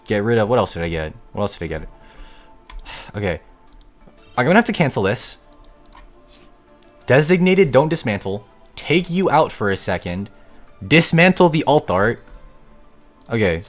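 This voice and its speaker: A young man chatting on a live gaming stream, excitable and grumbling, swearing casually as he talks to his viewers. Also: fairly low pitch. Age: young adult.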